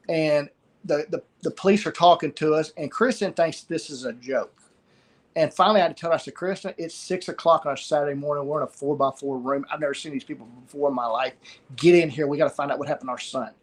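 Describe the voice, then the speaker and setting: As an interview guest, a middle-aged man recounts something from his own life in a somewhat high voice. He stumbles along, frequently going back over words and brief phrases.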